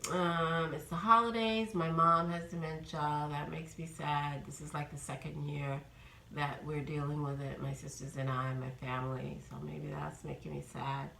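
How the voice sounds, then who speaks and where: A woman's voice: deep voice, fairly even intonation, normal speed, gravelly, pushed and bright, echoey room, a little hiss or hum, poor audio. A woman in her fifties from New York, chatting casually in a rambling vlog update with many ums. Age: 50s. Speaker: vlogger.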